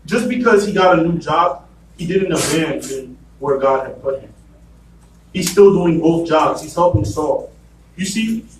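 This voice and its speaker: Guy preaching in church, kinda high voice, acts out the story characters, sounds far off and echoey. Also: expressive, measured pace, slight background noise. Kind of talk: sermon. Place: church sanctuary. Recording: echoey church room from afar.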